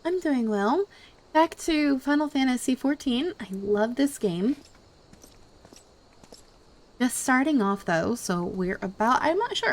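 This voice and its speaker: A woman's voice: high voice, lively intonation, a little slow. A woman streamer chatting casually while she plays a game. She reads dialogue aloud, stumbles over words and giggles often. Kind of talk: casual gameplay commentary, reading dialogue aloud.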